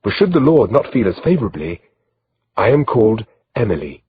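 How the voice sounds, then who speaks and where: A man voicing a kind young noble maiden with a gentle, teasing manner, in a slightly dull lo-fi recording. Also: on the low side, big pitch swings, brisk, slightly rough, exaggerated voice.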